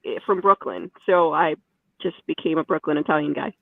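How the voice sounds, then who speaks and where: A woman's voice: deep voice, a little fast, gravelly, no echo. A woman from New York co-hosting a livestream in casual chat, telling stories with animation. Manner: animated storyteller. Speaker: livestream co-host. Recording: tinny phone-like call audio.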